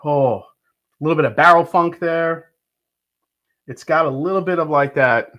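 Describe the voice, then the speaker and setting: The recording is muffled, but the man is clearly running a relaxed livestream, saying hello to viewers by name and voicing his thoughts as he samples something. He speaks at a moderate pace in a slightly high voice.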